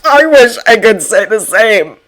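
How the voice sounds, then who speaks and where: A woman voicing a tired, tearful adult man who talks in a flat, subdued mumble and sounds stuffy from crying. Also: fairly high pitch, measured pace. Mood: weary. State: teary and stuffy.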